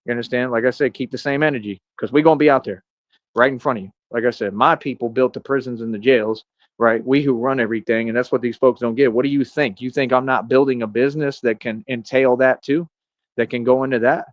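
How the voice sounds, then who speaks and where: A man's voice: mid-range voice, fairly even intonation, fast, dry recording. A man in his thirties ranting boastfully and confrontationally in a rambling livestream monologue. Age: 30s. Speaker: streamer. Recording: dull lo-fi dry sound.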